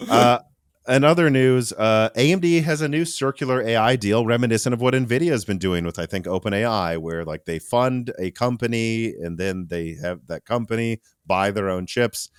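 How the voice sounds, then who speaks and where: Low-voiced man hosting a tech podcast. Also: moderate pace, clean tone, no echo, clean studio sound. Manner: animated, rambling with restarts and asides. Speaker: podcast host. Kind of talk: casual tech podcast chat.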